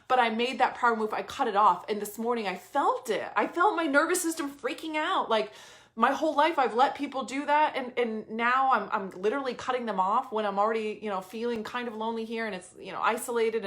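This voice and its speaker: Woman, 30s, motivational coach, slightly high voice, emphatic and blunt, casual swearing. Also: a bit bright. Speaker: business coach. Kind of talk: motivational talk to camera.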